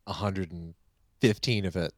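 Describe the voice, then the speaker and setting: A man's voice: deep voice, moderate pace, no room sound, clean studio sound. A man in his thirties from the United States, chatting and joking as a podcast co-host. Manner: animated, joking, swears casually. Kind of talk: casual chat.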